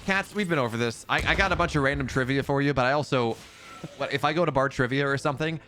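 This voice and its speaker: A man casting a live strategy game match, chatty and self-mocking, rising with excitement on plays. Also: mid-range voice, fast talker, slight background noise. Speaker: esports caster.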